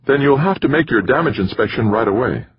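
A man voicing a brisk, businesslike female mission controller who gives crisp instructions. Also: medium pitch, lively intonation, lo-fi sound, pitched above the performer's own voice.

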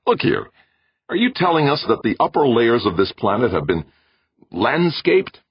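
Man doing suspicious scientist, demanding, incredulous, high and loud, husky, lo-fi. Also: sing-song, moderate pace, dry recording. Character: suspicious, confrontational male scientist.

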